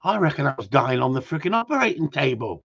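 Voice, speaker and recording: A man's voice: mid-range voice, big pitch swings, fast, creaky, fairly bright tone, husky. Cheeky rambling man, lo-fi. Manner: rambling, cheeky, swears freely. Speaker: vlogger. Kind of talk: casual chat to viewers.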